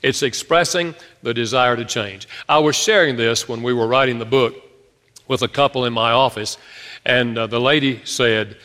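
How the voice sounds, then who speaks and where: A man preaching a sermon to his congregation, telling stories from his own marriage in a lively storytelling manner. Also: mid-range voice, normal speed. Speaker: pastor. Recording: long reverb of a large hall.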